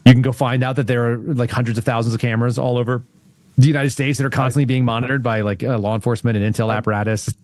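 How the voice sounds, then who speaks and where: A man's voice: mid-range voice, fairly even intonation, rapid-fire, a little mellow. A man in his forties, a guest on a talk show, rambling along casually with frequent laughs and "like" fillers. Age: 40s.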